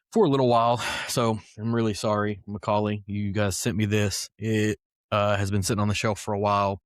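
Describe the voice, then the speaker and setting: A man's voice: lowish voice, no room sound, clean studio sound. A man hosting a casual whiskey podcast, talking loosely with plenty of fillers and asides. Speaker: podcast host.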